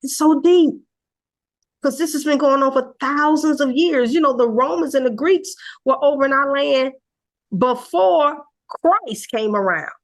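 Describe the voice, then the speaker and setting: An older woman gives an informal teaching. Her delivery is earnest and rambling, full of pauses and self-corrections. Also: high voice. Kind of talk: casual teaching talk.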